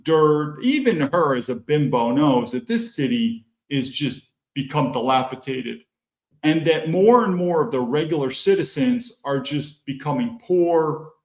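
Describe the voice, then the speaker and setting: American man, podcast host, rambling and opinionated, higher voice, echoey room. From United States. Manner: opinionated, digressive, swears. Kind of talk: rambling commentary with storytelling. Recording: echoey, dull room sound.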